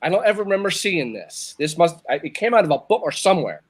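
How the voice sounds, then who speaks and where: Talking fast in a high, very animated voice, a Northern Virginia man in his fifties who hosts a show recounts a long personal story in casual chat. He rambles along, says things twice, and restarts his sentences.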